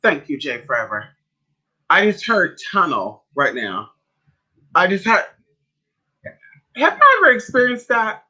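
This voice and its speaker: A man's voice: measured pace, pauses often, breathy edge. A man livestreaming as a spiritual advisor, chatting casually and sassily with viewers, calling them honey and girl. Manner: animated storyteller with big pitch swings.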